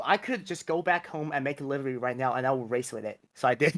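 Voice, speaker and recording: A man's voice: medium pitch, fast, hardly any pauses, fairly bright tone. Rambling man on a casual podcast. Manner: rambling, self-correcting, laughs at himself. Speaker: vtuber racing club member.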